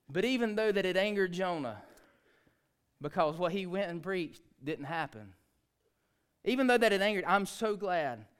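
A man, preaching a sermon, swinging between hushed, quiet lines and loud, rising ones. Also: fairly high pitch, clear, resonant tone. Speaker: pastor.

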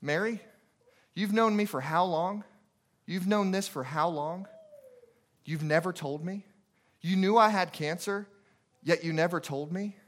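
A man voicing a dying woman with cancer, speaking in a raised, softened voice. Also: sits high, unhurried, pauses often. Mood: hurt. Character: dying woman with cancer, warm then bitter.

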